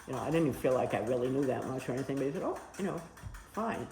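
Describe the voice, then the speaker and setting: In an extremely low voice and at very fast speed, a woman tells stories about nursing abroad during a casual interview. She's animated, performing the quoted dialogue in the voices of the people involved. The recording sounds roomy with faint ambience.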